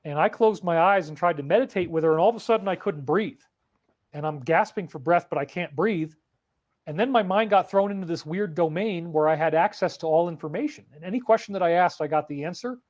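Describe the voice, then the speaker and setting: A man's voice: fairly high pitch, fairly quick. A man earnestly telling a dramatic spiritual story about his own experience. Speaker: spiritual speaker. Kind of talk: emotional personal storytelling.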